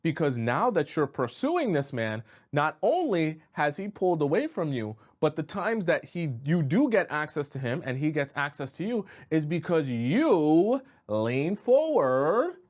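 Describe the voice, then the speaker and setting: A man's voice: on the high side, big pitch swings, moderate pace, hardly any pauses, a little mellow. A man giving relationship advice as a coach, talking casually and checking in with "right?" and "okay?" as he acts out examples. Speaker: dating coach. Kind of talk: advice monologue to camera.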